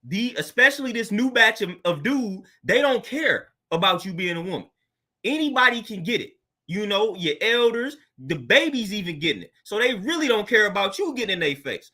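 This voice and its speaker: A man's voice: high voice, big pitch swings, normal speed, pushed and bright. A man hosting his own show, talking casually in a laid-back, slang-filled monologue and laughing often. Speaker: podcast host.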